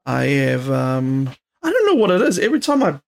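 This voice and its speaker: Rambling New Zealand podcast host, tired. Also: male voice, medium pitch, huge pitch swings, moderate pace, gravelly. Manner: rambling, swears freely, lots of fillers and slang. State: tired, yawning. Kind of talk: casual solo podcast chat. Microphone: podcast microphone.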